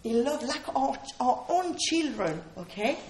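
Woman preacher, earnest, fairly high voice, roomy hall echo. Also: big pitch swings, a little slow, a little mellow, a little hiss or hum. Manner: earnest, emphatic, repeats key phrases. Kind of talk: sermon.

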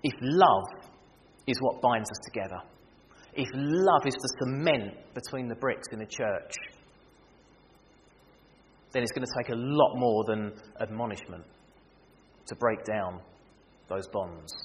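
A man preaching a sermon, animated and humorous, acting out everyday scenes to make his point. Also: medium pitch, unhurried, long pauses. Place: church. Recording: reverberant church hall with faint noise.

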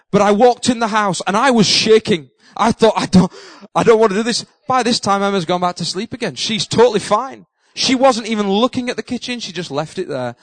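A man's voice: sits high, dry recording, rough recording. A middle-aged man preaching, telling a funny story and acting out his own panic. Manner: animated, self-mocking storyteller who acts out his own panic. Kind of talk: sermon storytelling.

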